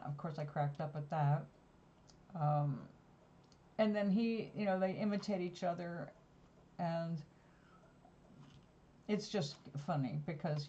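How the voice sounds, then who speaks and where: A woman talks in a loose, wandering way, drifting from one story to the next. Her voice is mellow and soft-edged. The recording sounds a little dull and lo-fi. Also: fairly low pitch. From New York. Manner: rambling, digressive storytelling. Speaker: vlogger. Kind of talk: casual chat.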